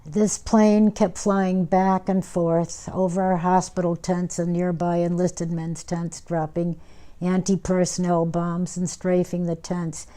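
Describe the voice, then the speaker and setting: A woman, recalling wartime memories in an oral history interview, unhurried with many pauses and restarts. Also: fairly low pitch, little pitch movement, warm tone. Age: 90s. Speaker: war veteran interviewee.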